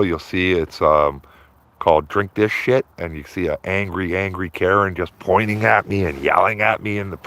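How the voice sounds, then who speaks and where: Outdoors by a river, a livestreaming auditor from Canada talks loosely to his viewers, repeating himself and tacking "man" onto his phrases. His voice sits low with a fairly bright tone, and there's no echo.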